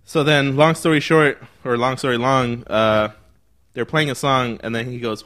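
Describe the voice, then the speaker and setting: A young man in casual chat, telling an animated story, acting out other people's lines and swearing freely. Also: mid-range voice, moderate pace.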